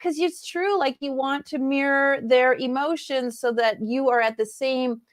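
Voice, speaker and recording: A woman's voice: high voice, a little slow. A woman in her forties hosting a casual interview chat, enthusiastic and affirming. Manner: enthusiastic, affirming, lively storytelling. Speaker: host.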